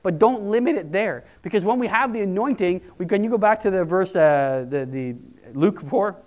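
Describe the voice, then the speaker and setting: A man's voice: sits high, animated, moderate pace, a little mellow. A man preaching a sermon in a conversational, emphatic way. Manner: conversational, emphatic, quoting people in put-on voices. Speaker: pastor.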